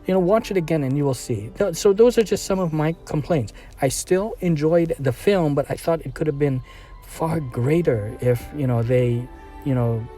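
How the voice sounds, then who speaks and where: A man's voice: medium pitch, mellow. A man giving a casual, rambling film review, full of fillers, restarts and trailing sentences.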